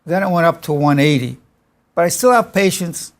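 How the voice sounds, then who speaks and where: A man's voice: on the high side, animated, normal speed. An older man, a psychologist, giving an informal lecture and telling personal anecdotes in a chatty, self-amused way. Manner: chatty storyteller, amused by his own stories.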